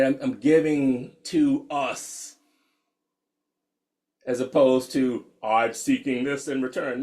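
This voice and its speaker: A man's voice: medium pitch, darkish tone. A man, a meditation teacher talking casually and candidly and laughing often as he reads out attendees' comments over a video call. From United States. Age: 50s.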